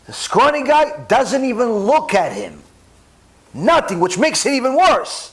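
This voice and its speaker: Man, rabbi, sermon, emphatic storytelling, husky, high lively voice. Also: moderate pace. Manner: repeats phrases for emphasis.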